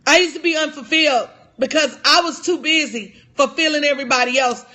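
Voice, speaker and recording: A woman's voice: high-pitched, brisk, bright, forceful tone. A middle-aged woman giving a motivational speech to an audience as a life coach, emphatic and repetitive in a preacher-like cadence, heartfelt and confessional.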